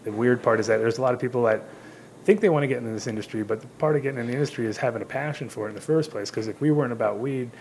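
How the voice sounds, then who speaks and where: Rambling man telling stories, soft room noise. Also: mid-range voice, very fast. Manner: rambling storyteller who acts out quoted voices. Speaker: cannabis seed company guest. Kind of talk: casual podcast chat.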